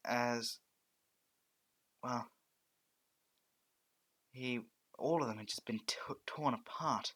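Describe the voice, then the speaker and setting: Halting, bright-voiced male storyteller. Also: mid-range voice. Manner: halting, many restarts. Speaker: narrator. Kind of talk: fan story reading.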